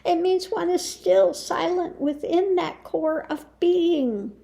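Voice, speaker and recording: A woman speaking as a spiritual teacher in a casual monologue, deliberate and scornful, with long pauses. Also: extremely high pitch, gravelly, warm tone. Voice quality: slow, deliberate with long pauses and frequent laughs. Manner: scornful, emphatic, mocking.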